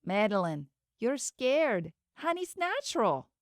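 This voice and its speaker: A woman voicing a steady, secretive young female friend in an audiobook, soothing at times and menacing at others. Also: fairly high pitch, takes it slowly, no echo, studio quality, pitched above the performer's own voice. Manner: soothing, then coldly threatening. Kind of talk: audiobook character voice.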